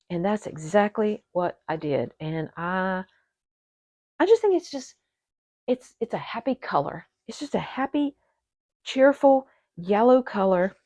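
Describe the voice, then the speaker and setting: A woman hosting an orchid channel, chatting to her viewers in a gushing, excitable way while unboxing at a table indoors. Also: mid-range voice, a little slow, dry recording, highs cut off. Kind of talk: casual unboxing chat to viewers. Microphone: camera set on the table.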